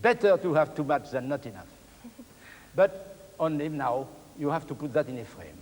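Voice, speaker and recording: Animated older French-speaking man coaching. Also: a little high, moderate pace. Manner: animated, sings phrases, broken English with French words. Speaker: cello teacher. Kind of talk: masterclass coaching. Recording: hall with music playing.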